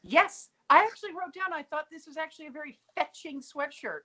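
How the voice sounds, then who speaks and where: A woman co-hosting a podcast chats casually about a sitcom episode, lively and talkative, acting out characters' lines in quotes. Her voice is high-pitched and brisk.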